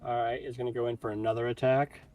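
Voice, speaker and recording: A man's voice: medium pitch, flat delivery, quick pace, darkish tone, far from the mic. A man acting as dungeon master, making casual rulings with restarts. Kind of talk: running a tabletop game.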